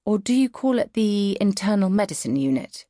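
Recorded dry on a close studio mic at studio quality, a woman narrates a first-person audiobook. Her mid-range voice moves at a normal speed, and her reading comes across as wry and expressive.

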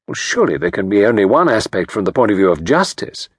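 A man's voice: fairly low pitch, big pitch swings, fast talker, husky, no room sound, clean studio sound. A man voicing an earnest, hot-tempered doctor who speaks insistently, in an audiobook reading. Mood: heated. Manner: heated, insistent.

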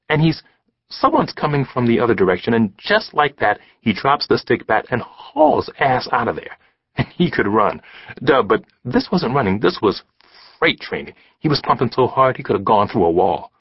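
A husky male narrator with a lively, swinging pitch, telling the story in a streetwise, conversational way. He is close to the mic in a dry booth, and the sound is slightly dull. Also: no room sound. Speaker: audiobook narrator. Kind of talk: scripted narration. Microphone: close studio mic. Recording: slightly dull studio audiobook recording.

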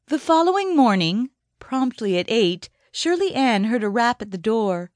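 A woman narrating an audiobook in a measured, even storytelling manner. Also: fairly high pitch, no echo, studio quality. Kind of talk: scripted narration.

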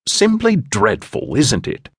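A man doing a fussy, pompous English gentleman. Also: fairly high pitch, wildly swooping pitch, takes it slowly, creaky, breathy edge, dry recording, clean studio sound, pitched above the performer's own voice, exaggerated voice. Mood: indignant. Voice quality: pompous, formal and fretful. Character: fussy, anxious English gentleman, short and balding.

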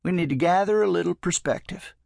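A man voicing a gentle, teasing old male drifter with a folksy, drawling manner in an audiobook. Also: high voice, a little fast, gravelly, dry recording, clean studio sound, pitched above the performer's own voice.

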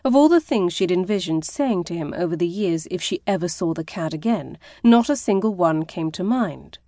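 A woman reading a romance novel aloud as an audiobook narrator, in a measured, expressive way. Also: lowish voice, no room sound, studio quality. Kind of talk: scripted narration.

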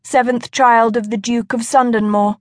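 A woman narrator voicing a poised, curious young noblewoman in an audiobook, in a proper, brisk manner. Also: on the high side, flat delivery, no room sound, natural voice.

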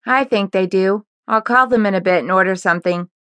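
A woman's voice: mid-range voice, fairly quick, a bit bright, clean tone, no room sound, close to an everyday voice. A woman voicing a tired single mother in her forties, dry and mildly exasperated, in an audiobook.

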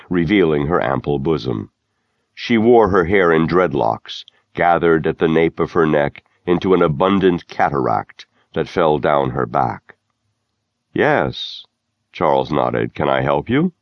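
Man, audiobook narration, deep voice, lively intonation, dry and slightly dull sound. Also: dry recording. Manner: measured, steady storytelling. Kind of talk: scripted narration.

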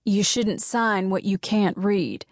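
A woman voicing a calm, unhurried man. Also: medium pitch, no room sound. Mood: amused. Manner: calm, slow, dry. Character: calm, amused big man, bodyguard type.

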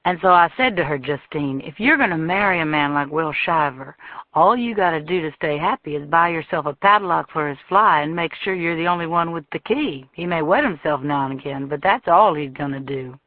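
A woman's voice: low voice, lively intonation, brisk, dry recording, narrow, tinny audio. Brief: woman narrator as a flirty, brash small-town gossip, phone-thin and dry. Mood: gossipy.

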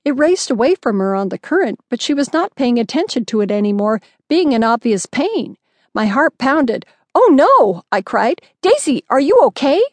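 A woman narrating a children's audiobook in the first person, voicing the cries of the young narrator with louder, higher lines. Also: dry recording.

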